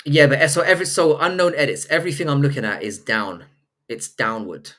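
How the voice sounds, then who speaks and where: A man's voice: mid-range voice, a little fast, fairly bright tone. Man bantering crudely with his stream chat. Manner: reads viewer messages aloud, then answers. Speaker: livestream host reading chat. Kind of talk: casual live-stream chat.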